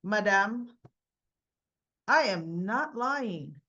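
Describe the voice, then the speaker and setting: Woman playing a polite, soft-spoken male waiter, voice pitched down, lo-fi audio. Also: lively intonation, extremely slow, heavily acted.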